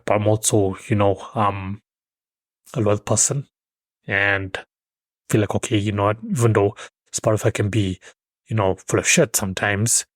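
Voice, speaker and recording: A man's voice: lowish voice, dry recording. A man hosting his own podcast, talking loosely and emphatically with fillers and restarts. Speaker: podcast host. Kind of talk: solo podcast commentary.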